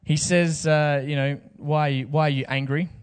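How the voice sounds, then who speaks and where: A man's voice: on the high side, steady tone, moderate pace, clear, resonant tone, big-room sound. A man preaching a sermon in a casual, joking way with slang asides. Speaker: pastor.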